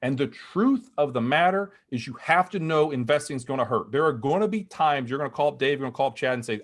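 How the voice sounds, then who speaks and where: A man's voice: mid-range voice, animated, quick pace, fairly bright tone. A man speaking as a guest market strategist on a video call, explaining with energy, frequent restarts and little acted-out quotes. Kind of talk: animated conversational explanation.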